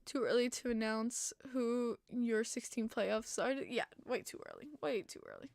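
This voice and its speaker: A young woman talks hockey on her stream, opinionated and chatty as she answers chat. Her voice sits fairly high and sounds a bit tired. The sound is close and dry, with no room echo. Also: big pitch swings, normal speed, gravelly, darkish tone. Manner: chatty, opinionated fan reading chat comments. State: tired, yawning. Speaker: podcast host. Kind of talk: casual live-stream chat about hockey.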